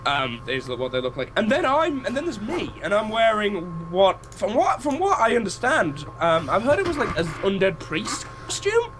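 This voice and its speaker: A man's voice: sits high, wildly swooping pitch, normal speed, hardly any pauses, noisy background. A young man with a Teesside accent, co-hosting a casual podcast, wry and explanatory with many fillers. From northeast England. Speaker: podcast co-host. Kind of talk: casual chat.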